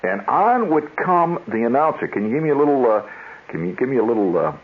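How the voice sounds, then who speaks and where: A man's voice: medium pitch, very animated, a little fast, slightly rough. A man hosting a radio show, telling wry, rambling stories and often interrupting himself, heard on a dull lo-fi 1970s radio broadcast. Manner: wry, storytelling, self-interrupting. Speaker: radio host. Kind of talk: rambling monologue.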